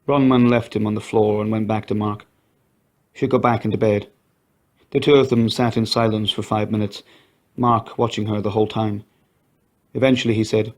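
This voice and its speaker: A man narrating a ghost story in a quiet, steady reading voice. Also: fairly low pitch, normal speed. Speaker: audio story reader. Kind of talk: scripted narration.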